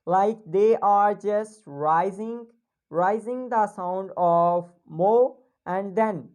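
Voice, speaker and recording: A woman's voice: mid-range voice, darkish tone. Woman from Pakistan teaching accents. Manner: explanatory, repeating example words slowly. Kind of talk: online lesson.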